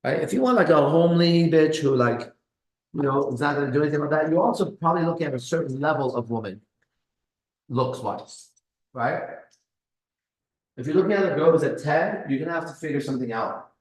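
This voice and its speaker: A man's voice: on the high side, fairly quick. A man hosting a live stream in casual chat, boastful and swearing with slangy talk, in a kitchen. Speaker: host. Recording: echoey room.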